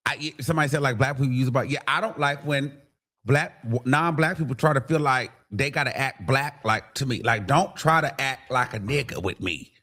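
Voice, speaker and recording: A man hosting a livestream, talking bluntly and animatedly to his viewers in casual commentary, sometimes mimicking others. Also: fairly quick. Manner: blunt and animated, mimics people in higher voices. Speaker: livestream host.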